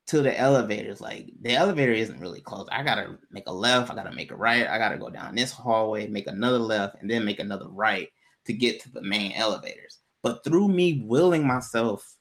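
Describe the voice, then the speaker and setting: A man recounting a personal story in relaxed, everyday talk. His voice sits at an ordinary middle pitch, and his delivery is candid and loose, with frequent cursing and conversational asides. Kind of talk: casual storytelling.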